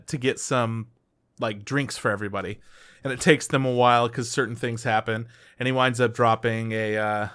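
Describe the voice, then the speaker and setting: A man's voice: medium pitch, fairly bright tone, smooth. A man co-hosting an anime podcast, recapping episodes in enthusiastic casual chat with fillers. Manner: enthusiastic recapping, frequent "like" and swearing. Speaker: podcast co-host.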